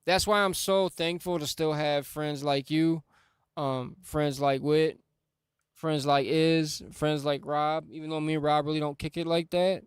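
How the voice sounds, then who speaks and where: A man's voice: fairly high pitch, clear, resonant tone, no room sound, studio quality. Earnest slangy man on a stream. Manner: earnest, heartfelt, slangy with frequent "like" and "bro". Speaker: music livestream host. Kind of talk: casual livestream storytelling. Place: home music studio. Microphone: studio microphone.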